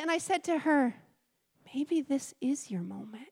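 A woman's voice: high voice, animated, measured pace, vocal fry, darkish tone. Emphatic woman preaching a sermon. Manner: storytelling, emphatic, off-the-cuff. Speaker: guest preacher. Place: church.

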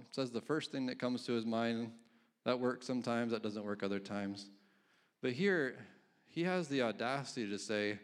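Man preaching a casual sermon. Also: mid-range voice. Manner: conversational, chuckling, reads scripture aloud. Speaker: pastor.

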